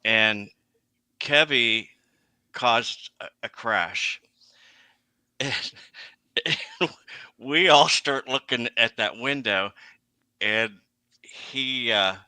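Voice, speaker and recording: A man telling racetrack anecdotes in a casual chat, halting and restarting often. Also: medium pitch, sharp tone, smooth, no room sound.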